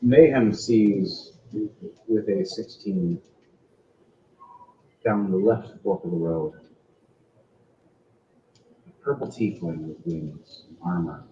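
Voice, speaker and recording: A man narrating as game master in halting, conversational phrases. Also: low-pitched, mellow, reverberant, a little hiss or hum. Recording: dull lo-fi sound with faint music.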